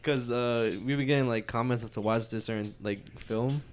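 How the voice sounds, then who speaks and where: A man chatting on a podcast, speaking haltingly with frequent hesitations as he brings up a topic. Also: mid-range voice, steady tone, slight background noise. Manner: halting, hesitant, many fillers and restarts. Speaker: podcast co-host. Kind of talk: casual chat.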